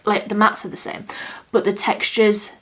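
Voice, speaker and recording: A young woman chatting casually as she does her makeup, thinking aloud and now and then dropping to a soft murmur while she works. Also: mid-range voice, flat delivery, moderate pace, a little hiss or hum. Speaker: beauty vlogger. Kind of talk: casual makeup tutorial chat.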